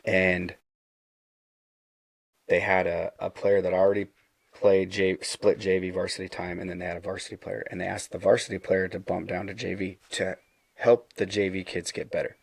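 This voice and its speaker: Middle-aged man, husky low voice, earnest storyteller, dry close mic. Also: level tone, moderate pace, no echo. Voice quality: low gravelly voice. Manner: earnest, retelling dialogue with frequent restarts. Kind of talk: casual storytelling.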